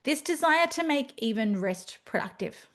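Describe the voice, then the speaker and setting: Candid and animated, this solo podcast host delivers a reflective monologue with playful asides along the way. Her voice sits high and a bit bright, with lively intonation at a moderate pace.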